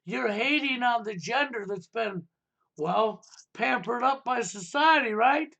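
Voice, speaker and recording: High-voiced ranting male stream host. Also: expressive, a little slow, gravelly, pushed and bright, highs cut off. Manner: ranting, insistent, repeats "okay?" and "right?". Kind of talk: heated political talk stream.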